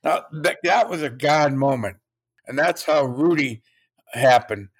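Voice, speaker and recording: A man's voice: mid-range voice, measured pace. An older man, a motivational speaker, telling a story in an interview and acting out the quotes.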